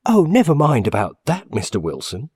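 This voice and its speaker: A man's voice: medium pitch, huge pitch swings, normal speed, a little mellow, husky, no echo, studio quality, pitched above the performer's own voice. A man voicing an obliging young male shop assistant who sounds eager and reassuring.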